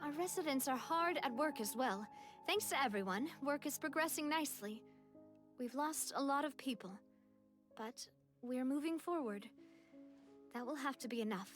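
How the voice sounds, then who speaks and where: A woman's voice: high-pitched, expressive, normal speed, soft background music. A woman voicing a young female leader in a game, composed and confident.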